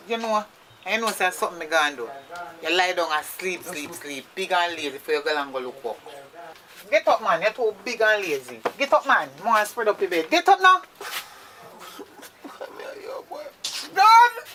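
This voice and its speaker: A woman's voice: medium pitch, animated, a little fast, bright, forceful tone. A woman with a Jamaican accent playing a scolding woman who nags a lazy man to get out of bed. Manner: nagging, scolding. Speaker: actor.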